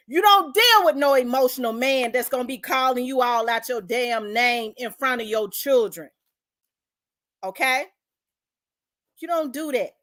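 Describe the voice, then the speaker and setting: A woman's voice: high-pitched, a little slow, pauses often, fairly bright tone. A woman from South Memphis with a Memphis accent, hosting an opinion vlog in a blunt, profane, fired-up rant. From South Memphis, Tennessee. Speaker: host.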